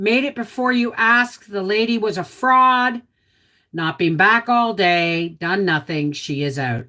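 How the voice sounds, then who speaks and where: A woman's voice: medium pitch, unhurried, sharp tone. A middle-aged woman hosting a casual livestream, greeting viewers and answering their comments in a chatty, sympathetic way.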